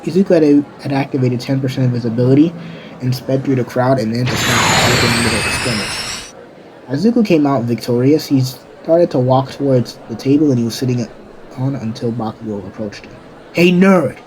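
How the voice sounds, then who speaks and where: A man's voice: medium pitch, fairly quick, background noise. A man narrating a fan-made story in a casual, rambling way, often correcting himself mid-sentence. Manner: rambling, with restarts and self-corrections.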